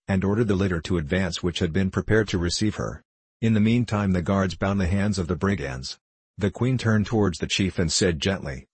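A man reading a story aloud as an audiobook narrator, in a steady, even storytelling manner. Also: low voice, breathy edge, no room sound, rough recording. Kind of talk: scripted narration.

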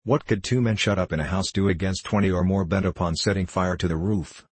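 A man reading a classic novel aloud as an audiobook narrator, in a measured, steady way. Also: deep voice, slightly rough, no room sound.

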